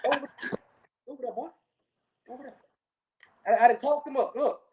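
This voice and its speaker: A woman co-hosting a sports podcast, telling stories in a lively way, laughing often and tagging lines with "okay?". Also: high voice, moderate pace. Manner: animated storyteller, keeps repeating okay, laughs often. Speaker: podcast co-host. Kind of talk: casual sports chat.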